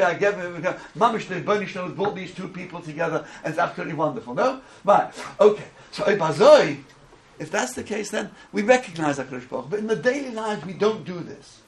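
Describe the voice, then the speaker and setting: A man's voice: high voice, fairly bright tone, a little hiss or hum, low-quality recording. A man giving a conversational sermon-style lecture, acting out little voices and asides. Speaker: religious teacher.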